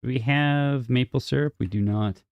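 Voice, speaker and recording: A man's voice: mid-range voice, normal speed, vocal fry, clear, resonant tone, no room sound, highs cut off. A man live-streaming a city-building game, chatting casually and joking with viewers in chat while he plays. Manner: chatty, jokey, talks to chat viewers by name.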